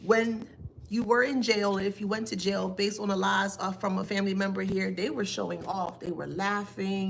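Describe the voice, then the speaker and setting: A woman delivers a spiritual reading with a taunting, emphatic edge, firing off rhetorical questions. Her mid-pitched voice carries a gravelly fry. A faint hiss of noise sits under the recording. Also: moderate pace, fairly bright tone. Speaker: tarot reader.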